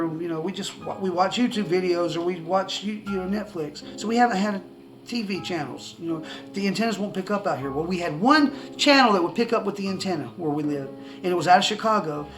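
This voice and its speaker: A man's voice: high voice, fairly quick, over music. A man telling a personal faith testimony to the camera from his country home, rambling, restarting his words and chuckling as he goes. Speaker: person giving a religious testimony. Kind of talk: casual storytelling to camera. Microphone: camera in front of a seated speaker.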